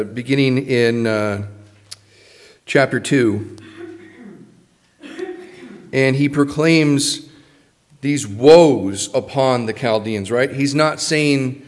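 A man's voice: mid-range voice, big-room sound. A man leading a Bible study, reading scripture passages aloud and then explaining them in a plain, casual way with fillers. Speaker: Bible teacher.

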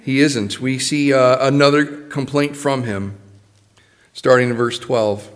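A man's voice: medium pitch, steady tone, unhurried, big-room sound. A man leading a Bible study, reading scripture passages aloud and then explaining them in a plain, casual way with fillers. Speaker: Bible teacher.

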